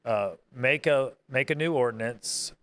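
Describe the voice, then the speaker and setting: A man who owns a bar, talking in a casual podcast chat, halting and repeating words as he searches for them. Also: medium pitch, fairly bright tone. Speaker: bar owner.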